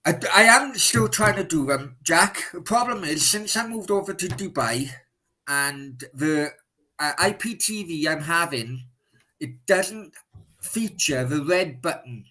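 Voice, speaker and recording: A man's voice: fairly high pitch, lively intonation, measured pace, pushed and bright, poor audio. A man hosting a live stream, answering viewer questions in blunt, casual chat and swearing freely.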